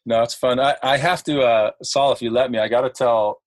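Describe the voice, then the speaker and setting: A middle-aged man from Ohio, a podcast guest telling stories in a halting, chatty way with many fillers and laughs. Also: mid-range voice, fairly even intonation, no echo. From Ohio, USA. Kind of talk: casual podcast chat.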